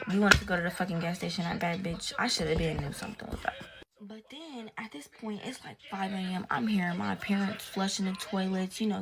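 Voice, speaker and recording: A woman's voice: medium pitch, a little fast, creaky, crowd noise. A young woman telling a storytime tale in casual, slangy, profane talk, retelling events with drama. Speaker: storytime vlogger.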